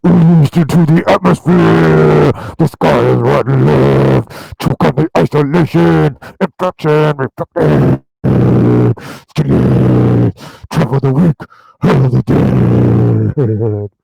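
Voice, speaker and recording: A man's voice: a little high, animated, slow, creaky, long pauses, warm tone, full character voice, poor audio. A man putting on a growled death metal voice, reciting lyrics as a metal vocalist. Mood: growling.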